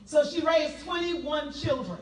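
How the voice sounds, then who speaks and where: A woman's voice: high-pitched, unhurried, reverberant, distant mic, slight background noise, poor audio. Southern woman speaking to a crowd. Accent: South Carolina Southern. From South Carolina. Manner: animated, laughing, call-and-response with the crowd. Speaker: motivational speaker. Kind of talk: testimony speech to an audience.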